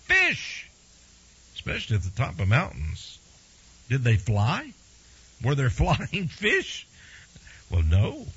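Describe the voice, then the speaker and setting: Animated folksy radio preacher. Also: male voice, mid-range voice, slow, long pauses, husky. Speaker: radio pastor. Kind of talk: radio sermon. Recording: dull lo-fi radio broadcast.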